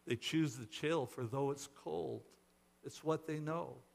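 A man voicing a calm, gentle stranger who brings light, soft and reassuring. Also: on the high side, takes it slowly, gravelly, heavily acted.

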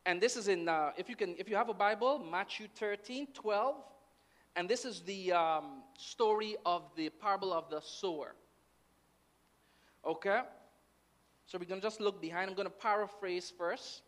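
A man's voice: high voice, moderate pace. A man from Guyana preaching a sermon, often asking "amen?" and "right?" to check in with the congregation. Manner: lively, with call-and-response "amen" and "right" checks.

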